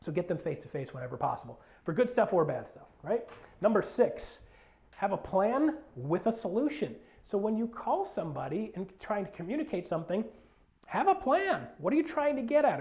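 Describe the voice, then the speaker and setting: A man, a business executive, giving an energetic motivational talk to camera, swinging between loud emphatic bursts and quiet asides. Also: high voice, a little fast. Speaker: real estate business executive. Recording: tinny phone-like sound.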